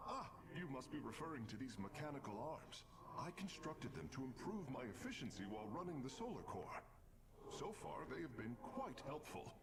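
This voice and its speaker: A man's voice: mid-range voice, big pitch swings, normal speed, noisy background, close to an everyday voice. An actor playing a solemn male alien engineer who speaks formally and measuredly in a video game.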